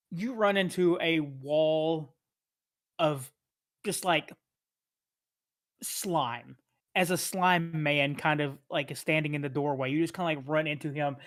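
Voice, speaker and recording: Male game master, slow, rambling narration with fillers and chuckles. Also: on the high side, a bit bright.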